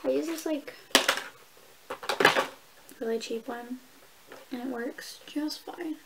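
A young beauty vlogger chats casually and shares stories while doing her makeup, laughing and swearing often, in a get-ready-with-me video. She takes it slowly in a high voice, and heavy background noise runs underneath.

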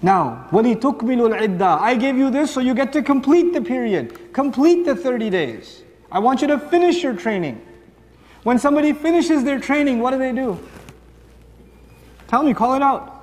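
Male preacher, high voice, animated, lets quick dialogues play out, big reverberant hall. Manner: animated, acts out dialogues for the audience. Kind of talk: sermon. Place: large hall with long reverb.

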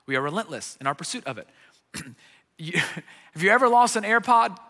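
Animated man preaching in a big hall. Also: high-pitched, moderate pace. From United States. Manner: animated storyteller, acting out quoted voices. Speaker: guest pastor. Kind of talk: sermon. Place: church sanctuary.

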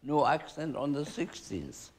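A man's voice: fairly high pitch, big pitch swings, unhurried. A man teaching a piano master class, giving short spoken instructions and singing rhythm syllables to show the phrasing. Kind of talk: coaching a student at the piano. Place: concert hall. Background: piano playing.

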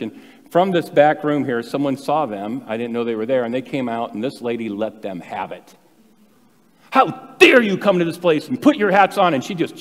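A man's voice: medium pitch, darkish tone. A male pastor preaching a sermon, telling stories in a conversational way with self-deprecating asides. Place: church sanctuary. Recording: long hall reverb.

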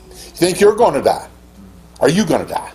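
An older man preaching a sermon as pastor, in an impassioned style that climbs to high, emphatic peaks. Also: wildly swooping pitch, normal speed, dark tone.

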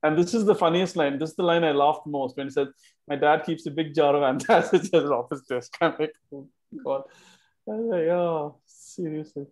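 A man's voice: fairly high pitch, fairly quick, low-quality recording. A man hosting a casual book club discussion, chatty, repeating words while he thinks.

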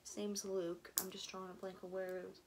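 A woman's voice: medium pitch, little pitch movement, brisk. A young woman tells a story in a loose, rambling way, piling up fillers and restarting her sentences. Her voice sits in the middle of the range, and now and then she drops into a whisper. A faint noise hums under the recording. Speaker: vlogger. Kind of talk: casual storytime.

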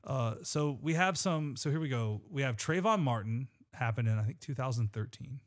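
A man's voice: medium pitch, lively intonation, moderate pace. A man, co-hosting a podcast, reading scripture and chatting in an earnest, rambling way with restarts. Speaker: podcast co-host. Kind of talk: scripture reading and casual chat.

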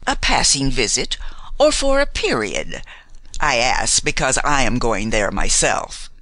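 A man's voice: mid-range voice, big pitch swings, unhurried, pushed and bright, dry recording, full character voice, poor audio. A man voicing a haughty, nosy older society lady in an audiobook, prying and condescending under a polite surface. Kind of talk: audiobook character reading.

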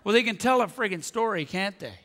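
A man doing live stand-up comedy on a theatre stage, talking in an animated, conversational way. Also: high voice, a little fast. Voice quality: animated, conversational, keeps asking right.

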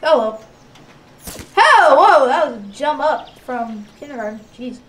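Giggly high-voiced woman gamer, distant mic. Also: animated, unhurried, a bit bright. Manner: giggly, teasing, playful. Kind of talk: casual gameplay chatter. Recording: distant mic with clear background noise.

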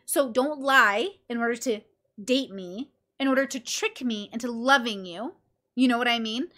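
A woman's voice: a little high, normal speed, fairly bright tone. A tired woman hosting her own podcast, talking casually and animatedly, acting out friends and swearing freely. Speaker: podcast host.

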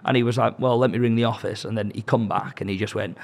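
A young British man, a podcast guest, telling animated anecdotes in casual chat. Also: on the low side, fast, creaky. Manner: chatty, animated anecdotes with quoted dialogue.

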